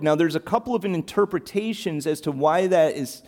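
A man preaching a sermon, animated and emphatic, throwing out rhetorical questions. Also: fairly high pitch, normal speed.

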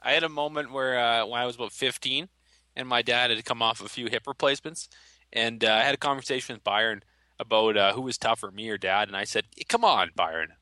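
Wry bright-voiced male co-host. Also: medium pitch, steady tone, fast talker, no echo. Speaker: podcast co-host. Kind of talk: casual chat.

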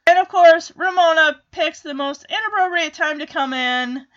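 A woman's voice: extremely high pitch, normal speed, a bit bright, muffled recording. A woman casually recapping a sitcom episode in a chatty way, acting out the characters' lines as she goes. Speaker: show recap host.

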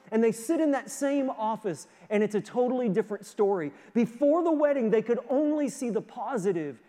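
A male pastor preaching a sermon, telling stories in an animated way and often stumbling over repeated words. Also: very high-pitched. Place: church sanctuary. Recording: long church hall reverb.

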